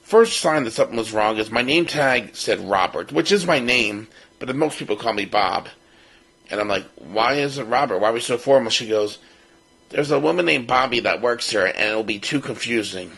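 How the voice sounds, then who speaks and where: Gravelly-voiced man in his fifties telling a story. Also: mid-range voice, normal speed, low-quality recording. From Baltimore, United States. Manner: lively storyteller who acts out the other people's lines. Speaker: podcast co-host. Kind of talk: personal storytelling on a podcast.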